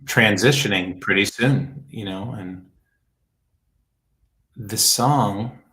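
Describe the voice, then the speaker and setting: A man hosting a laid-back chat, his voice sitting a little low and his delivery unhurried. He rambles warmly, pausing, trailing off and circling back as he shares something that moves him. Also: rough recording. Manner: rambling and heartfelt, trailing off and restarting. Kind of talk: casual chat.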